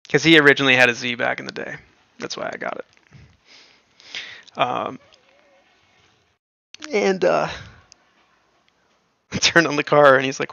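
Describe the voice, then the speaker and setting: Man, livestream host, casual rambling chat, bright tone, dry close sound. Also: medium pitch, a little slow, vocal fry, pauses often, no echo. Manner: rambling, filler-heavy, laughs often.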